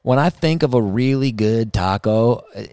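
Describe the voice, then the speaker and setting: A man's voice: mid-range voice, animated, normal speed, a little mellow, smooth, no room sound, clean studio sound. A man co-hosting a podcast, chatting casually in a rambling, jokey way. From United States. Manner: laid-back, rambling, jokey. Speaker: podcast co-host. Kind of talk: casual chat.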